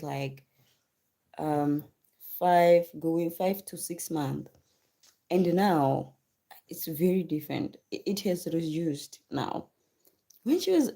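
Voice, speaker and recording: A woman's voice: on the low side, mellow. Chatty mother hosting a live stream. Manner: chatty, repeats words for emphasis; thanks commenters by name. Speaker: livestream host and mother. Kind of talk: casual live-stream chat with viewers.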